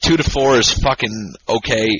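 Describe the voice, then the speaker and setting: A drunk man co-hosting a podcast, rambling loudly and swearing constantly in casual banter. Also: mid-range voice, moderate pace, muffled recording, a little hiss or hum. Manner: profane, rambling, loud and excitable. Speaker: podcast co-host. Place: home podcast setup, Michigan.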